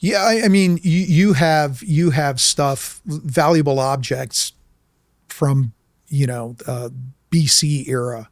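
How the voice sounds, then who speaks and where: A man's voice: fairly high pitch, takes it slowly, no room sound, studio quality. A man telling an anecdote in casual talk as an interview guest, acting out the people in it. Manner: animated, acts out voices in anecdotes. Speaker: documentary filmmaker guest. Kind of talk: casual storytelling.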